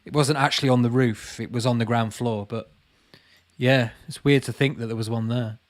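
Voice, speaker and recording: Answering live chat on his channel, a man with a Lancashire accent, late thirties, reads comments aloud in a relaxed way and addresses people as mate. He speaks at normal speed in a mid-range voice with fairly even intonation.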